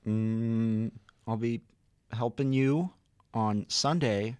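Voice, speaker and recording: A man co-hosting a radio comedy show, talking in a deadpan, mock-arrogant way. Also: medium pitch, extremely slow, clean tone, no echo. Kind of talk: casual comedic banter.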